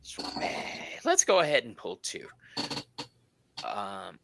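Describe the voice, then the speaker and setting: A man's voice: lowish voice, huge pitch swings, slow pace, creaky, a bit bright, a little hiss or hum. A middle-aged man hosting a tarot reading, chatting playfully and teasing his guest. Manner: playful, laughs often, teasing. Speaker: tarot reader and host. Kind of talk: casual chat during a tarot reading.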